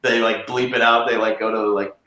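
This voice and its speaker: Low-voiced young man, chatty and roomy. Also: level tone, brisk, sharp tone. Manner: rambling, filler-heavy, says "like" constantly. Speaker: podcast co-host. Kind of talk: casual chat.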